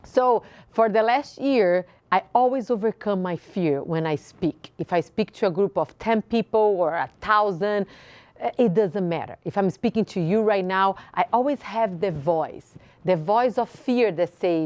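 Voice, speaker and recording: A Brazilian woman with a Brazilian Portuguese accent hosts and delivers a passionate, inspirational speech, repeating phrases for emphasis. Her mid-range voice is unhurried and darkish, captured in a dry recording.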